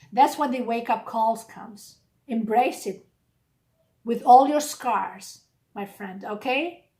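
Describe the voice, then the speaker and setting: A woman's voice: fairly high pitch, a little mellow. A woman giving a casual, blunt and encouraging tarot reading straight to the viewer. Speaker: tarot reader. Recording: echoey room.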